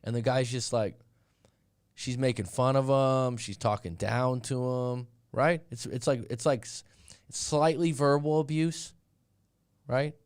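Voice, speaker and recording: A middle-aged man talks bluntly on a live stream, coaching listeners through dating and breakups. His voice sits in an ordinary middle pitch, and his tone stays casual and candid. He often drops into quick imitations of other people while telling stories. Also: fairly even intonation, a little mellow, clear, resonant tone.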